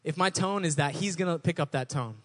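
A man's voice: fairly high pitch, a little fast, fairly bright tone. A young adult male pastor preaching a sermon in a casual, conversational way, often restarting words as he rephrases.

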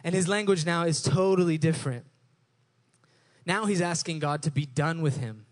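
A man's voice: on the high side, moderate pace. A young adult male pastor preaching a sermon in a casual, conversational way, often restarting words as he rephrases.

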